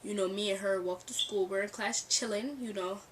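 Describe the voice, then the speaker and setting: A young woman chats through a personal story, switching into lively voices for what others said and breaking into laughs. Her voice sits a little back from the mic. A faint hum of the room and passing cars comes from behind her. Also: mid-range voice, a little fast, far from the mic. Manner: animated, acts out quoted dialogue, laughs often. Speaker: storytime vlogger. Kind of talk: casual storytelling. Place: bedroom near a street. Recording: mic set back, faint background ambience. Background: cars passing outside.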